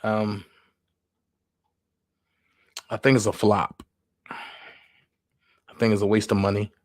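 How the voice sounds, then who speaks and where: A man hosting a casual livestream chat, giving his opinion in a blunt, candid, unhurried way. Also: fairly low pitch, level tone, darkish tone, dry recording, clean studio sound. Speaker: livestream host.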